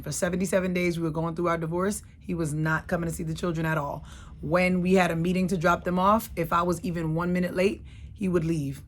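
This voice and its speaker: Low-voiced woman telling a candid personal story. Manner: candid, emotional, swings between hushed and loud.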